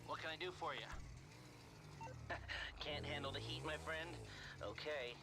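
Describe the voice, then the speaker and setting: A man's voice: fairly high pitch, measured pace, gravelly, background noise. An actor playing a creepy middle-aged male crime fixer in a video game, with a dry, sly, chuckling manner.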